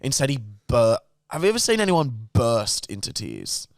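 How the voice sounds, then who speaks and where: A man's voice: medium pitch, moderate pace, dry recording, studio quality. A young man telling a story in casual podcast chat, swearing often and acting out the people in it. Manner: animated storyteller, swears a lot, acts out scenes. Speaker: podcast co-host.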